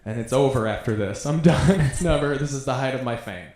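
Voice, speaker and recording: A man's voice: mid-range voice, brisk, a crowd in the background. A man doing a stand-up set, telling crude stories in a conversational way. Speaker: stand-up comedian. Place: comedy club stage. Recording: roomy club sound.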